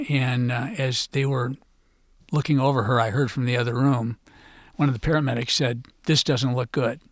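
Older guy in a radio interview, halting, trails off quiet, dry sound. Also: mid-range voice, dry recording. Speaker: author and guest.

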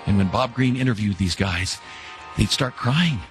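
A man with a lowish voice tells an inspirational story in an earnest, measured way. He slows down to land the key lines. Soft music plays faintly underneath.

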